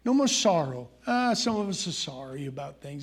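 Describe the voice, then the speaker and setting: A man's voice: on the high side, very animated, normal speed, few pauses. A man preaching a sermon, folksy and conversational, reading scripture and asking his congregation questions. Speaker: pastor.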